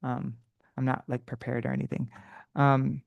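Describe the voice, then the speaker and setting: A man leading an unprepared live study session, thinking aloud with halting restarts and self-corrections, now and then chanting verses slowly. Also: medium pitch, level tone, creaky, no echo, dull audio. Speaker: teacher of scripture study.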